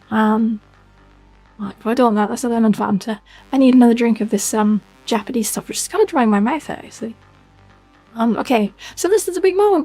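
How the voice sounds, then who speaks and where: A man's voice: extremely high pitch, a little mellow, voice pushed up. A British man talking through a voice changer as a young goth woman streamer, chatty and giggly in casual live-stream chat.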